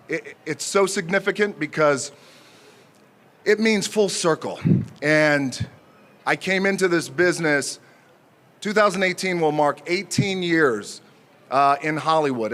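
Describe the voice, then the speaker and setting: A man in his forties speaks off the cuff at an outdoor honor ceremony, with a voice pitched slightly higher than most men's. He jokes easily and stumbles through plenty of fillers and restarts. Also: fairly bright tone. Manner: jokey, halting, speaks from the heart with many fillers. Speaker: honoree giving an acceptance speech. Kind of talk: unscripted ceremony speech. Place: outdoor ceremony before a crowd.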